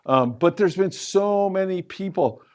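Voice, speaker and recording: A middle-aged fishing show host speaks on a handheld mic at a live event, answering audience questions and sharing anecdotes. His talk is loose and full of fillers, a little slow, with a darkish tone and lively intonation whose pitch jumps up for emphasis.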